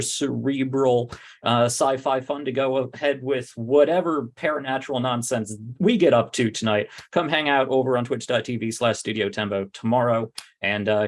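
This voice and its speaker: A man player plugging his other show in a casual, rambling way before passing the turn. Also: mid-range voice. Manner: rambling with fillers. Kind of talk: casual promotion.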